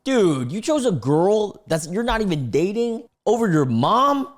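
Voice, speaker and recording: A man's voice: high voice, very animated, a little slow. A young man hosting a casual reaction video, laid-back and slangy, often laughing and exclaiming.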